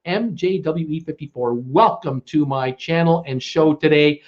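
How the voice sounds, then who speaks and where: A man's voice: on the high side, a little slow, muffled recording. A man with a Canadian accent hosting a live stream, greeting viewers and reading their comments aloud, chatty and stumbling over names. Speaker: livestream host.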